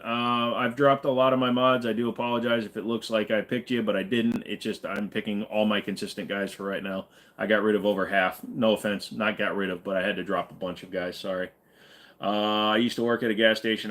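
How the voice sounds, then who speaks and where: A man's voice: fairly low pitch, fairly bright tone. Joking man rambling on a livestream. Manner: rambling and joking, many fillers. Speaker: livestream host. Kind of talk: casual livestream chat, reading chat.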